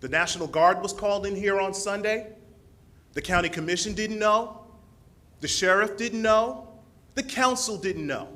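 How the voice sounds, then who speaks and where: A man's voice: high voice, normal speed. Indignant man at a council podium. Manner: forceful, rising indignation. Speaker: public commenter. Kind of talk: impassioned public comment. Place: city council chamber.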